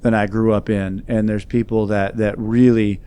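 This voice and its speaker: A man's voice: fairly low pitch, level tone, moderate pace, mellow, clear, resonant tone. A man speaking as a guest, telling a personal story in an earnest, reflective way. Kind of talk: storytelling in conversation.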